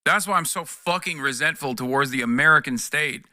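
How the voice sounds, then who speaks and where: A man's voice: on the high side, brisk, bright, forceful tone, no echo, clean studio sound. A man streaming casual political commentary, talking with a profane, exasperated edge in bursts with restarts, to his chat.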